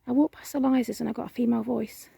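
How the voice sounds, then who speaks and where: A woman's voice: a little high, fairly even intonation, quick pace, gravelly, dark tone, slightly rough, no echo. A woman vlogging a night ghost hunt in a cemetery, often whispering and calling out to spirits. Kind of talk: hushed vlog narration.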